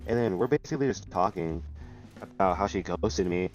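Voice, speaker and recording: Young man, very low voice, storytime vlogger; loose and rambling, slang-heavy, faint music underneath. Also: fairly quick, lo-fi sound. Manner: rambling, full of restarts and slang. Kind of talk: casual storytelling.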